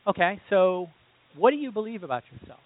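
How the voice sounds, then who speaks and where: A man delivers a lively sermon, his voice sitting high and leaping up and down as he throws questions at the congregation. The sound is dry and close. It comes through like a narrow, phone-like line. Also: a little fast, dry recording. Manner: animated, rhetorical questions to the congregation. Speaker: pastor.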